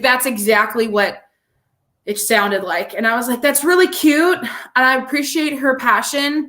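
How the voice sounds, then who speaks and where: A woman co-hosting a podcast, chatting casually and sarcastically about a college basketball game. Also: a little high. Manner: animated, sarcastic, laughs often. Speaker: podcast co-host. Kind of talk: casual sports chat.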